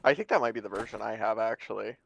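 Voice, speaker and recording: A man's voice: lowish voice, fast talker, vocal fry, muffled recording. A man with a nasal voice, chatting casually as a guest over voice chat.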